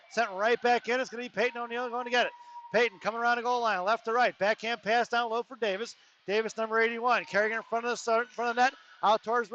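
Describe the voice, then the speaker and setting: Live from an ice arena, this male hockey announcer has a high, bright voice and delivers rapid-fire play-by-play peppered with jokes. The stream is lo-fi and dull, carrying a faint layer of noise.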